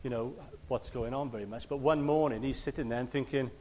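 A man's voice: medium pitch, fairly even intonation, brisk, big-room sound, a little hiss or hum. Conversational man preaching a sermon. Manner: conversational storytelling, acts out quotes, loud shouted lines.

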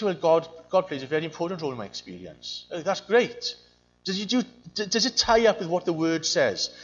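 A man's voice: fairly high pitch, dull audio. A man preaching a sermon, earnest and searching, often repeating his phrases. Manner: earnest, repeats phrases, mimics voices in quotes.

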